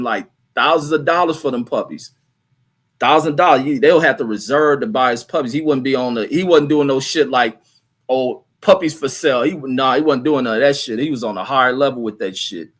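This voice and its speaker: A man's voice: medium pitch, brisk, a bit bright. A middle-aged man hosting a livestream, reading viewer comments aloud and riffing on them in a blunt, profane, rambling way. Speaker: livestream host.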